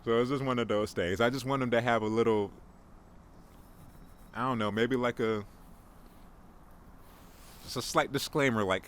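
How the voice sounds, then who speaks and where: A man's voice: mid-range voice, steady tone, normal speed, pauses often. A young man hosting a casual solo podcast, rambling and joking about himself with lots of restarts. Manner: rambling, joking, self-mocking, frequent restarts. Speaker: podcast host. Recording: faint background noise.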